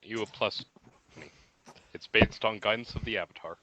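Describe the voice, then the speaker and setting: A man playing a tabletop role-playing game, who describes his character's actions and dice rolls deliberately. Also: lowish voice, sharp tone, a little hiss or hum. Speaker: player.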